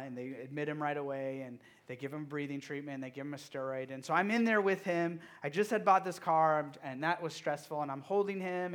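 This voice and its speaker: A man with a fairly high voice preaching a sermon to young people. He keeps asking his listeners questions and moves between punchy, loud stresses and soft, hushed passages. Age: young adult or middle-aged father of a toddler. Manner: engaging, asks the audience direct questions; swings between loud emphasis and hushed, quiet moments. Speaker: youth pastor.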